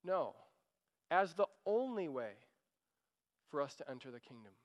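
A man's voice: fairly high pitch, very animated, measured pace, long reverb tail. A man preaching a sermon, earnest and urging, often repeating a phrase as he pleads. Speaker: pastor.

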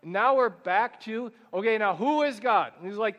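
A male pastor preaching a sermon, asking rhetorical questions and slowing down and rising in pitch when he reads scripture. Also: a bit bright, lo-fi sound. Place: church sanctuary. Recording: church hall with long reverb.

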